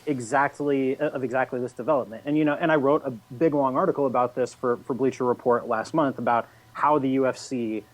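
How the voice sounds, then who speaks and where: A man co-hosting a podcast, speaking in a relaxed, casual way. He comes across as blunt and frank and swears offhandedly. His voice sits at an ordinary middle pitch. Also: fairly quick, hardly any pauses, low-quality recording. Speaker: podcast co-host. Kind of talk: casual chat.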